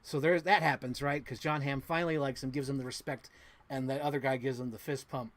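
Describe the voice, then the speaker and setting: A man hosting a podcast, excitedly retelling a movie plot to his co-host, swearing often and humming sound effects. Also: mid-range voice, fairly quick. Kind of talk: animated movie recap to a co-host.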